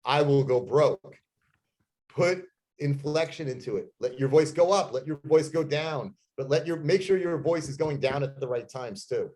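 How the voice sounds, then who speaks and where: A man's voice: on the high side, moderate pace, darkish tone. A man talks real estate sales in an intense, emphatic way. He speaks plainly and drives each point home, like a trainer coaching a room. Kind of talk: motivational sales talk.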